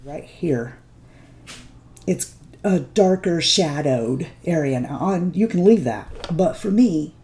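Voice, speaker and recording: A woman hosting a beauty vlog, calmly walking through a makeup tutorial step by step. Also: sits low, slow pace. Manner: gentle step-by-step instruction. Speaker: beauty vlogger.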